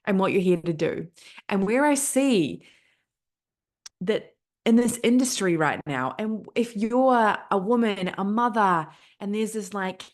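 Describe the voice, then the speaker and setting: A woman's voice: medium pitch, a little mellow. A woman in her thirties with a New Zealand accent, hosting a motivational talk show in an emphatic, repetitive way, swearing freely. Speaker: podcast host. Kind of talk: casual motivational monologue.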